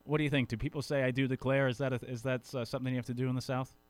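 A man's voice: mid-range voice, fairly even intonation, racing, no room sound. A man hosting a sports talk show in a casual, rambling way, often correcting himself mid-sentence. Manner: chatty, rambling, self-correcting.

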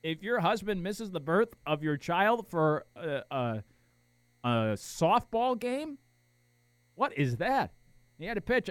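Male sports talk host, riffs on call-in clips, highly expressive, slightly high voice, dry close mic. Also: no room sound. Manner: animated, incredulous, rambling. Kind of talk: casual sports commentary.

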